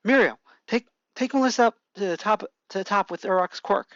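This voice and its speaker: A reader voicing a determined teenage boy hero in a raised, forceful voice, reading amateur fan fiction. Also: mid-range voice, fairly quick, dry recording, muffled recording, pitched above the performer's own voice, natural voice.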